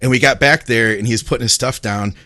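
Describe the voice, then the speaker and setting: Podcast co-host, man, mid pitch, excitable rambling storyteller, dry close sound. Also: quick pace, no room sound. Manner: rambling, excitable, laughs often. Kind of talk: casual storytelling chat.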